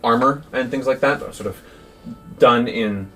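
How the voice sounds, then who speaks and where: A man narrating as game master with a relaxed, halting delivery full of fillers. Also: medium pitch. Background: faint music.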